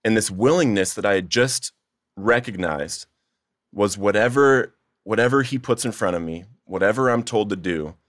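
A man's voice: fairly low pitch, normal speed, no room sound, studio quality. A young man telling his recovery testimony in an earnest, emotional way. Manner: earnest, emotional storytelling, rising to near-shouting in retold pleas. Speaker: testimony speaker.

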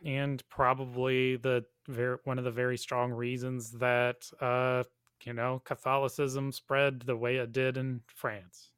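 A man co-hosting a casual podcast, laid-back and halting, with many fillers. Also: mid-range voice, completely flat delivery, fairly bright tone, smooth, no echo, studio quality. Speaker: podcast co-host.

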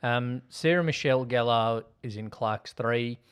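A man's voice: medium pitch, measured pace, clear, resonant tone. Dry man rattling off film trivia. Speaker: podcast co-host. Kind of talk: casual film chat.

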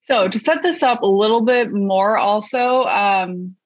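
Animated woman on a dull, dry mic. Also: mid-range voice, measured pace, no echo. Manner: animated, self-mocking, trailing restarts. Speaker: podcast co-host. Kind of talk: casual chat.

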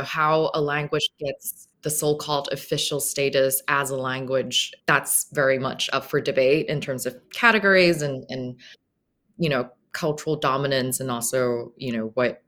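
A woman's voice: sits low, fairly even intonation, moderate pace, fairly bright tone. A woman from Hong Kong with a slightly American accent, answering interview questions reflectively and often rephrasing mid-thought. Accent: American-tinged English. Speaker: guest author.

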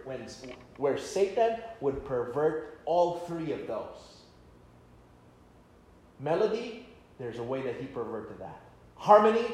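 Man preaching, high voice, slow delivery, emphatic, sings hymn snippets, echoey room. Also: darkish tone. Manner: emphatic, sings hymn lines to demonstrate rhythm. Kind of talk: sermon.

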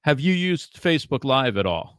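Lively male podcast host. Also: mid-range voice, moderate pace, dry recording, clean studio sound. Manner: brief, encouraging reactions. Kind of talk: interview.

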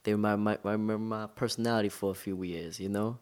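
Deep-voiced man telling stories casually. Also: quick pace, smooth. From United States. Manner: relaxed, conversational, slangy storytelling. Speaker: interview guest. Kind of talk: casual storytelling interview.

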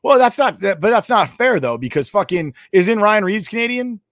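A man's voice: high voice, animated, normal speed, fairly bright tone, no room sound, studio quality. A young man co-hosting a casual sports podcast, arguing in profane banter. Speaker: podcast co-host.

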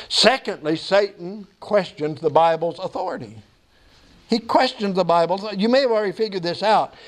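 An older male pastor preaching a sermon, with emphatic rising questions and folksy asides. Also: high-pitched.

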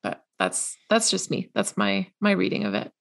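A woman's voice: medium pitch, very animated, moderate pace, vocal fry. A woman with a mid-range voice co-hosts a casual podcast. She talks in a chatty, hedging way, restarting her sentences and laughing often. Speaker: podcast co-host. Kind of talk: casual chat.

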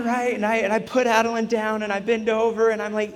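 A man's voice: sits high, level tone, fast talker. A man in his thirties telling a funny, self-deprecating story during a sermon, often chuckling. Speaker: chaplain preaching at a church retreat. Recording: echoey hall sound.

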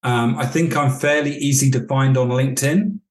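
A man's voice: mid-range voice, fairly even intonation, moderate pace. A man, a leadership coach, answering interview questions and telling stories, acting out the dialogue as he goes. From United Kingdom. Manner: storytelling, acts out dialogue. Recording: echoey room.

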